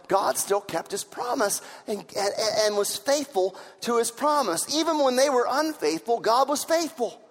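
A man's voice: sits high, normal speed, few pauses, in a large hall. A male pastor preaching a sermon, repeating key lines with rising, emphatic force. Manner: repetitive, emphatic preaching, building to shouts.

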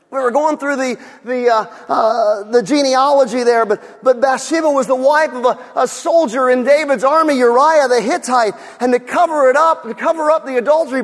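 Pastor guy preaching, high voice, goes quiet then shouts, big hall echo. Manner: animated preaching, repeats words, drops soft for storytelling, rises to shouts. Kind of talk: sermon.

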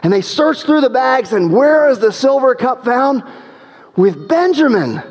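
Pastor, male, high voice, delivers a dramatic storytelling sermon, heard with long church reverb. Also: expressive, normal speed, a little mellow. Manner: dramatic storytelling, acts out quoted characters.

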